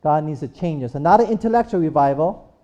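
Preacher, sermon, mellow tone, rhetorical questions, calls for amens. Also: mid-range voice, animated, quick pace, lo-fi sound.

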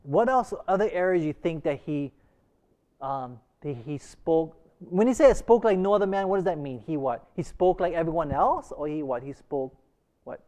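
Man teaching a church class, quick back-and-forth questions, somewhat high pitch. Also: animated, mellow. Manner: asks the group many short questions. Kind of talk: interactive church class discussion.

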